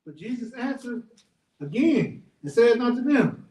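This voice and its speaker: A man with a very high voice reads scripture aloud in steady, measured phrases. The sound is roomy and echoey, and he is heard from some distance away from the mic. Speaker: scripture reader. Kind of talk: reading the King James Bible aloud.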